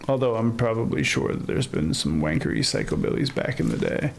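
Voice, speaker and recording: Gravelly wry male streamer from Ohio. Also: mid-range voice, sing-song, brisk, slight background noise. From Ohio, USA. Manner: wry, rambling asides. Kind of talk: casual gameplay commentary.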